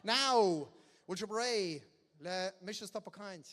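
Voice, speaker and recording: A man's voice: high voice, animated, takes it slowly, fairly bright tone. A man with an Irish accent hosting a raffle on stage, joking and mixing Irish and English. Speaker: event host running a raffle. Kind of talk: bilingual stage announcing. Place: large indoor hall. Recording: echoey hall on a PA.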